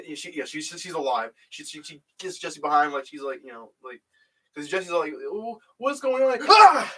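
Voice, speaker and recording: A man's voice: fairly high pitch, fairly bright tone, recorded from a distance. A young man hosting a casual chat, retelling a video in a rambling way full of fillers. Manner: rambling, full of "like" and "you know". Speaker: YouTube host. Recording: voice a bit off the mic.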